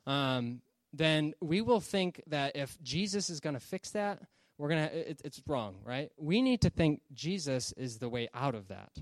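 A man's voice: fairly high pitch, no room sound. A man giving an informal Bible teaching, conversational and checking in with his listeners as he explains. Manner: conversational, checks in with "okay?" and "right?".

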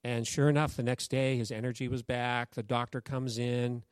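A man's voice: mid-range voice, moderate pace, clear, resonant tone, no room sound. A man preaching a sermon as pastor, telling a story and urging the congregation to respond. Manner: exhorting the congregation, lively call-and-response.

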